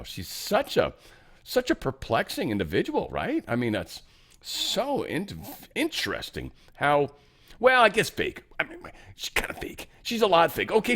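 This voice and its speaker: A man's voice: high-pitched, fairly bright tone. A male podcast host gives casual commentary in a rambling, informal way. He leans on fillers and side remarks, and his voice rises and falls a great deal.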